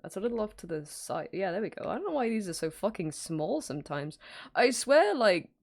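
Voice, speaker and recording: A woman's voice: mid-range voice, very animated, a little fast, gravelly. A woman streaming live in casual chat, greeting viewers by name and laughing often as she works from home.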